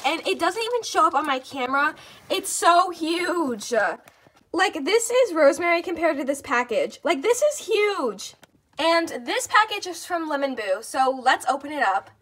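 A woman with a very high, bright voice unboxes fan mail on her vlog. She gushes and gasps with excitement, repeating how cute everything is. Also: normal speed, slight background noise. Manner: gushing, gasping, repeats "oh my gosh".

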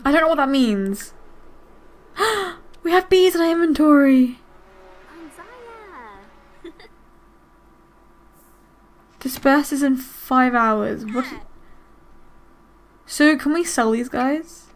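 A young adult woman hosting a casual let's-play, thinking aloud and gasping excitedly as she plays. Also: sits high, very slow, pauses often, slight background noise. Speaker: gaming host.

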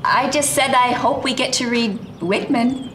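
A woman's voice: high-pitched, unhurried, a bit bright, roomy sound, a little hiss or hum. An actress playing a teasing teenage girl who trades wry remarks with her classmates. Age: teens. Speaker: high school student.

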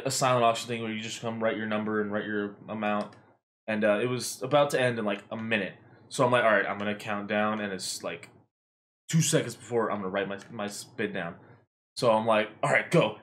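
Animated, swearing man podcast host. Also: lowish voice. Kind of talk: casual storytelling.

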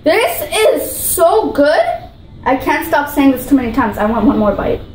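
A high-voiced woman gushes over food in an excitable vlog, bubbly and repeating her praise. Her voice rings in an echoey room, with a faint hiss behind it. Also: measured pace. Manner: bubbly, gushing, repeats herself. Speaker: vlogger.

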